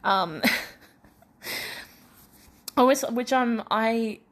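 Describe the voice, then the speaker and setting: A young Australian woman speaks extremely slowly in a slightly high voice while hosting her own podcast. It's a casual solo chat where she sounds feverish, rambling and self-deprecating, restarting often.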